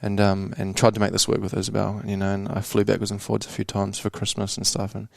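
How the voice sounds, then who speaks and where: A man's voice: lowish voice, completely flat delivery, fast, vocal fry, darkish tone, dry recording, studio quality. A young man from New Zealand telling a candid personal story on a casual podcast, slangy and swearing, calling the host bro. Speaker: podcast guest.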